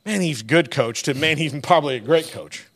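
Laughing, animated male sports podcaster. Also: fairly high pitch, fairly quick, husky. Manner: animated storyteller, laughs through his anecdotes. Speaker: podcast co-host. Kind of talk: casual sports chat.

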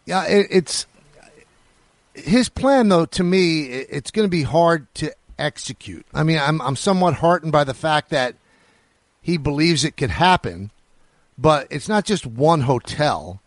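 A man co-hosting sports radio, his voice a little high and close on a dry mic. He thinks out loud, restarting sentences while he weighs ideas. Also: expressive, a little slow, no echo. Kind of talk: casual sports radio discussion.

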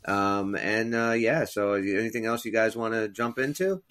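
A man's voice: fairly low pitch, normal speed, a bit bright. A man hosting a casual sports podcast, easygoing and enthusiastic. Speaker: podcast host.

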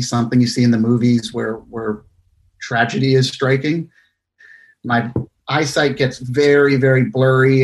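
A young man telling his own near-death story in a halting, earnest way, with many fillers and restarts. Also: mid-range voice. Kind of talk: personal story told in casual talk.

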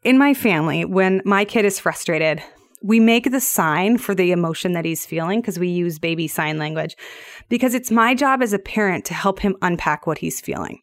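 A woman, probably in her thirties, hosting a reflective solo podcast in a gentle, earnest and measured way. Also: lowish voice, no room sound, studio quality. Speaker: podcast host.

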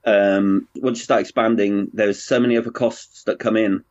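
A man's voice: lowish voice, flat delivery, normal speed, darkish tone, no room sound. Man, frank rambling chat, lo-fi, dry sound. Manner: chatty, rambling, frank with swearing. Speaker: brewer and pub owner, guest. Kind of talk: casual conversation.

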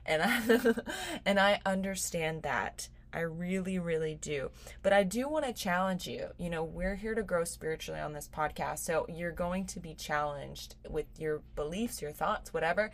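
A woman's voice: on the low side, moderate pace. A young woman hosting a faith podcast, speaking earnestly and encouragingly in a casual, heartfelt way. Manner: earnest and encouraging, gets teary and laughs. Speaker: podcast host. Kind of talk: casual devotional podcast talk.

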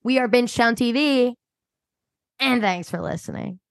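Upbeat woman podcast host, highish voice, dry close sound, chatty and loose. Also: moderate pace, creaky, dry recording. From Delaware County, Pennsylvania. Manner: chatty, upbeat, swears casually. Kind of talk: casual podcast chat.

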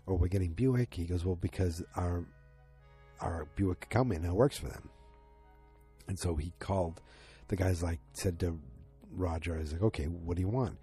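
A man casually recapping a TV episode. He rambles excitedly and acts out the lines he quotes. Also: low voice, normal speed, slightly rough, soft background music.

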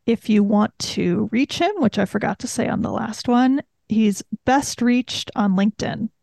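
A woman's voice: a little high, a little slow, creaky, a little mellow, no room sound, clean studio sound. A woman co-hosting a podcast, playful and self-deprecating in casual chat. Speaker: podcast co-host.

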